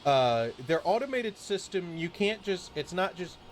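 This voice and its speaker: A man's voice: high voice, sing-song, a little slow, slight background noise. A man streaming a game while telling a grumbling, profanity-laced story in a casual chat. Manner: swears freely, grumbling rant.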